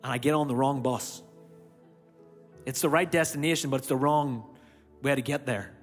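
Faint music plays behind this recording from a church auditorium, which carries a long hall reverb. A man with an Irish accent, speaking at normal speed in a mid-range voice, preaches a sermon, animatedly recounting a personal story and acting out his reactions.

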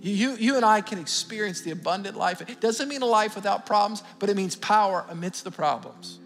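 A middle-aged male pastor preaching with fervent energy, his voice sitting high for a man. He calls out to the congregation as he speaks. The sound rings with a long hall reverb, and faint music sits underneath. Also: fairly quick. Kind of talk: sermon.

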